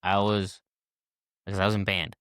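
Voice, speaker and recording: Low dry-voiced man telling a story. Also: unhurried, clean tone, dry recording. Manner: animated, acts out quoted people, many fillers and restarts. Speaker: podcast guest. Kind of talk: casual storytelling chat.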